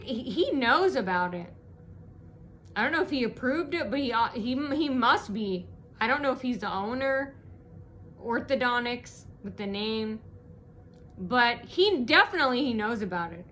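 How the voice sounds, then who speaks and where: A woman's voice: a little high, bright, forceful tone, a little hiss or hum. Rambling, indignant woman telling a story. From United States. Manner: rambling, indignant, repeats herself. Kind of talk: casual monologue to camera.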